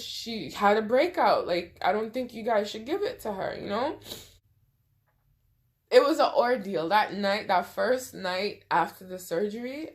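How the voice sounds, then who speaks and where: A young woman telling a personal storytime, emotional and close to tears, acting out what people said. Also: a little high. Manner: emotional, tearful retelling with quoted dialogue. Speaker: vlogger. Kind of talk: storytime vlog.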